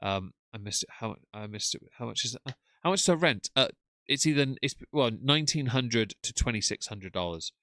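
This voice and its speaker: A man's voice: mid-range voice, expressive, a little fast, a bit bright, dry recording, clean studio sound. A man hosting a casual live stream, chatting and thanking viewers for their messages. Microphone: desk mic with headphones.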